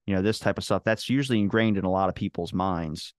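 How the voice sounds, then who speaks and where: Fast-talking man, casual podcast host. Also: sits low, dry recording, studio quality. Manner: animated storyteller, swears freely. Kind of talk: casual chat.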